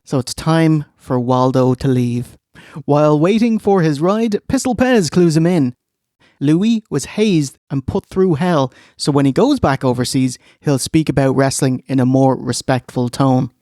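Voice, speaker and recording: A man's voice: a little high, measured pace, mellow, dry recording. A man co-hosting a podcast, narrating a recap with wry, dry asides.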